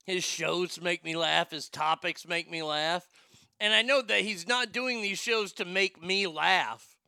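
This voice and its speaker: A man's voice: high-pitched, unhurried, gravelly, sharp tone, clear, resonant tone, no room sound, studio quality. A man hosting a commentary show, talking bluntly and profanely, joking and reading posts aloud. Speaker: show host.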